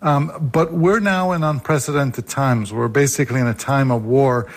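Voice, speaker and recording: Measured male analyst in interview. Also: mid-range voice. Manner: measured, uses fillers. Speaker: guest analyst. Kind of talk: radio news interview.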